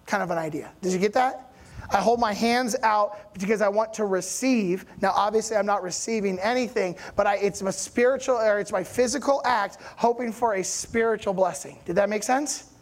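A male pastor giving a relaxed, conversational sermon in a church. He talks like he's chatting with friends, checking in with the congregation and pushing his voice up with emphasis on the big points. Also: sits high, moderate pace. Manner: animated, rising emphasis on key points.

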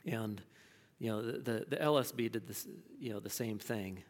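A man's voice: fairly low pitch, normal speed, in a large hall. A man teaching a class, answering a student's question, thinking aloud with many restarts and fillers.

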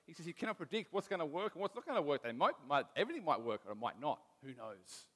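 A man's voice: a little high, sing-song, quick pace, fairly bright tone, in a large hall. A man, preaching a casual sermon with stories from home, often restarting his sentences. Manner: conversational, self-deprecating, restarts often.

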